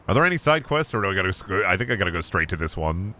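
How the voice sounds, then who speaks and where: Loud goofy male streamer. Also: sits low, big pitch swings, rapid-fire, few pauses, slight background noise. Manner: loud, goofy, swearing, bursts into yelling. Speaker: streamer playing a video game. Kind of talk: live game commentary. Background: game music.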